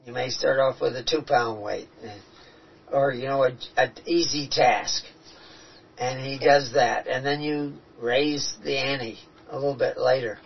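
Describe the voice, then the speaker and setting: Husky man telling earnest spiritual stories. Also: mid-range voice, fairly even intonation, a little slow. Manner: earnest, reflective storytelling. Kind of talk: casual spiritual talk. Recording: dull, distant-sounding recording.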